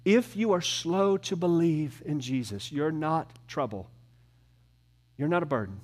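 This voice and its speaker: A man preaching a sermon to his church as pastor, earnest, building up and then dropping to soft, slow emphasis. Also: fairly high pitch, lively intonation.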